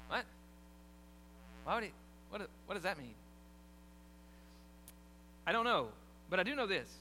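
A pastor with a high, bright voice delivers his sermon like a conversation, tossing questions out to the congregation. His voice rings with a long hall reverb, and a faint hum sits underneath. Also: big pitch swings, measured pace.

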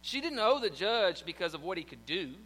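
A man's voice: high voice, big pitch swings, fairly quick, sharp tone. A man preaching a sermon in church, telling a story animatedly and acting out the quotes. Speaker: pastor. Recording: long hall reverb.

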